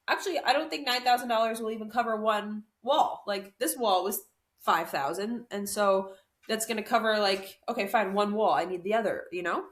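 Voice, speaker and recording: A young woman co-hosting a podcast, casually telling a story and acting out what other people said. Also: mid-range voice. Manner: animated storyteller, acts out quoted voices. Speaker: podcast co-host.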